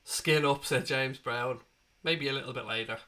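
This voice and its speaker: A man's voice: medium pitch, moderate pace, bright, forceful tone. A man in his twenties hosting a live football watchalong, reading viewer comments aloud with blunt, sweary banter. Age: 20s.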